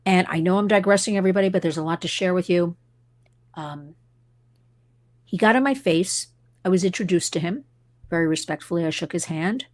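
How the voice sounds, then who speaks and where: A middle-aged woman with a lowish voice hosts a live stream, recorded dry. She's a host and advocate who talks to her viewers passionately and keeps drifting into side stories.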